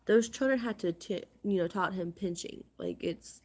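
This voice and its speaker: A woman vlogging to her viewers, upset and agitated, talking in a halting, exasperated way and repeating herself. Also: mid-range voice, very noisy. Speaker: crafting vlogger. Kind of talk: casual vlog rant to viewers.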